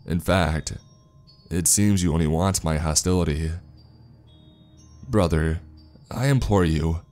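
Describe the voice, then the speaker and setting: A man doing a calm, menacing big soldier. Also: low-pitched. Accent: funny accent, put on. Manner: measured, quietly menacing. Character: calm, composed, big male soldier storyteller.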